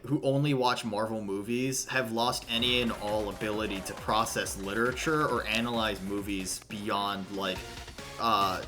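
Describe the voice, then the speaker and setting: A man's voice: fairly low pitch, sharp tone. A man streaming a game, chatting casually in a rambling, profane way with lots of fillers. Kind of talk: casual livestream chat. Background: game music.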